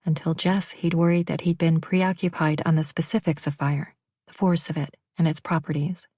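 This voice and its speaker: This is a female audiobook narrator reading a romance novel. Her voice is low and mellow, and her delivery is steady and measured. The sound is close and dry, like a studio booth. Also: husky, no room sound.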